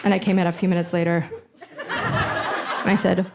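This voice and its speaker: A woman's voice: lowish voice, moderate pace, vocal fry, very noisy. A young adult woman performing stand-up comedy on a theater stage, telling a story and acting out the dialogue. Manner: animated, acts out dialogue in voices.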